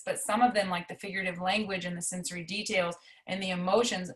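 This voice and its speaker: A woman's voice: lowish voice, flat delivery, fast, fairly bright tone, low-quality recording. A woman teacher explaining a poetry assignment in a chatty, folksy way, using examples from her own life. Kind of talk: recorded online lesson.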